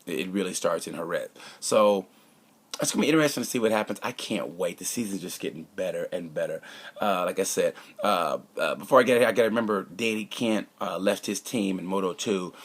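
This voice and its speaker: A motorcycle racing commentator gives a casual, opinionated race review in a low voice with lively intonation, speaking a little fast. He rambles and jokes, sometimes dropping into a conspiratorial whisper.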